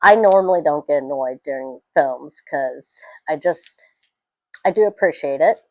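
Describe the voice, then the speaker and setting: A young woman talks through a film review in a loose, rambling way, drifting into stories and tangents. Her voice sits a little low. The sound is dry and close, with no room around it. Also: unhurried, no echo, rough recording. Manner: chatty, rambling, animated storytelling with tangents. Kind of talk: casual spoken film review.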